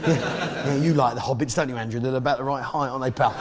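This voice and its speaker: A man's voice: mid-range voice, fast talker, very noisy. A man with a British accent doing a blustering stand-up comedy routine, joking with the crowd. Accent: British English. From Britain. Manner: brash, blustering, jokes with the crowd.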